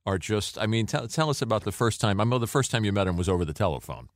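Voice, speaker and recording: A man's voice: fairly low pitch, lively intonation, fast, no room sound, clean studio sound. A man co-hosting an interview podcast, enthusiastically prompting his guest to tell stories. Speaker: podcast co-host. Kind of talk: casual interview chat.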